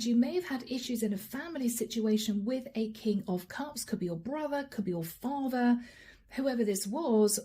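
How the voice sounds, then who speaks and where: Mellow-voiced woman giving a tarot reading. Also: mid-range voice. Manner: chatty, addresses viewers directly, slows to name cards. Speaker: tarot reader. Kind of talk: channeled tarot reading to viewers.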